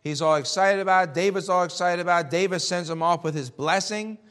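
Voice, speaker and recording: Emphatic preacher man, somewhat high voice. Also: a little fast. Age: adult, Army veteran. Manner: emphatic, rhetorical questions, swings between loud and hushed. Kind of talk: sermon with scripture reading.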